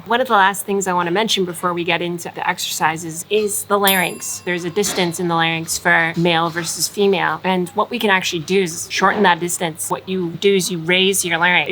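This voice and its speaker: A woman's voice: lowish voice, a bit bright, a little hiss or hum. Chatty woman explaining voice tips. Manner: chatty, explanatory, frequent fillers like "like"; demonstrates sounds while explaining. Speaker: vlogger giving voice tips. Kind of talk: casual tutorial vlog.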